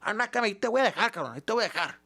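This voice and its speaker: A man voicing his stern, angry father, who scolds his lost young son loudly and mixes Spanish curses into his English. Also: sits high, lively intonation, fast talker, creaky, no echo, voice pushed up, heavily acted. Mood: furious scolding.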